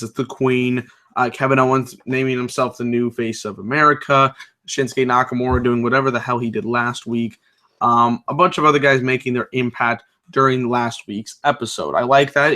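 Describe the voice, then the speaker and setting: A young man talks through a wrestling episode in a loose, rambling way, with plenty of ums and asides. His voice is bright and forceful and sits in a middle pitch. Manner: loose, rambling, many fillers, reads live chat aloud. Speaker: wrestling show reviewer. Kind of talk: casual recap and commentary.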